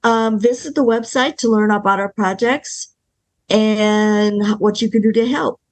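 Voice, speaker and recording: A woman filmmaker answers questions in a casual interview. Her speech is thoughtful and halting. She often stops mid-word and starts over. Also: medium pitch. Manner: thoughtful, halting, with many restarts and ums. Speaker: filmmaker guest.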